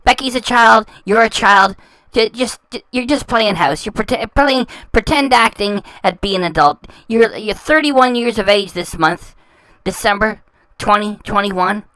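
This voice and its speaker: A woman's voice: mid-range voice, measured pace, fairly bright tone, dry recording, poor audio. A woman hosting a reaction channel, talking over clips in a scornful, insulting way and often stumbling and repeating words. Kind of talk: mocking commentary over clips.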